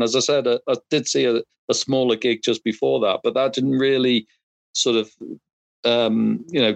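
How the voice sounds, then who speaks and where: Gravelly man reminiscing about concerts. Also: mid-range voice, no room sound. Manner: reminiscing, halting with fillers. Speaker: podcast guest, listener. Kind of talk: casual chat.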